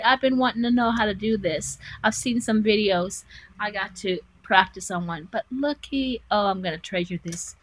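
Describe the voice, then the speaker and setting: Gushing, slow-talking woman vlogger. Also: medium pitch, rough recording. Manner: gushing and effusive, frequent gasps and exclamations. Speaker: craft vlogger. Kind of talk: casual unboxing vlog. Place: at home in a bedroom.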